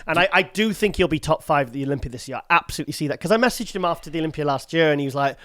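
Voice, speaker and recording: A man's voice: fairly high pitch, expressive, very fast, a bit bright, no echo, clean studio sound. A man, hosting a podcast and talking in a casual, rambling way with many restarts and fillers. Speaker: podcast host. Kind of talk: casual chat.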